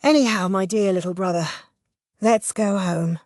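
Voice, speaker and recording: A woman's voice: medium pitch, moderate pace, darkish tone, no echo, clean studio sound, close to an everyday voice. A woman voicing a playful, theatrical young woman who drawls and chirps in a sing-song way.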